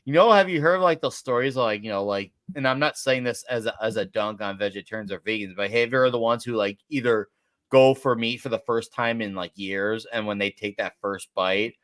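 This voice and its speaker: A man's voice: fairly low pitch, a little fast, a bit bright, no room sound. A man chatting casually on a podcast, rambling through a story with lots of fillers. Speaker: podcast co-host. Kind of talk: casual chat.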